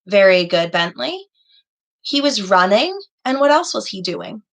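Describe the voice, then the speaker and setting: A woman's voice: mid-range voice, very animated, unhurried, fairly bright tone, poor audio. A woman teaching young children in an online class over a video call, patient and encouraging, praising her students by name. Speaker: elementary school teacher.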